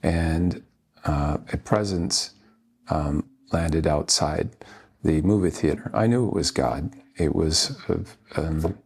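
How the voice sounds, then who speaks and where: A deep, breathy-voiced man in his fifties, from Washington State, talks through memories as an interview guest. He speaks earnestly and haltingly, stopping often to gather his thoughts, his low voice carrying a grainy, husky edge. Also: darkish tone. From Washington State, USA. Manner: halting, earnest, with many pauses. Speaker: actor guest. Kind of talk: reflective interview storytelling.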